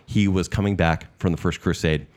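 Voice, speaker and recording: Deep-voiced man telling stories. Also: fairly quick. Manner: animated storyteller who acts out historical figures. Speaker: podcast co-host. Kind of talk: casual chat, storytelling.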